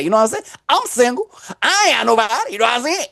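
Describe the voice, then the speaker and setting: A man's voice: very high-pitched, big pitch swings, rapid-fire, vocal fry, bright, forceful tone, no room sound. A man telling a long story casually on a podcast, acting out the voices and laughing often.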